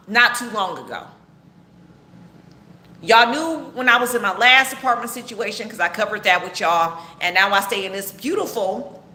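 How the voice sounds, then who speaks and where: Loud emphatic woman preaching, echoey room. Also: on the high side. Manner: loud, emphatic, yelling at times. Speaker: online preacher. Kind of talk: livestream sermon. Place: apartment.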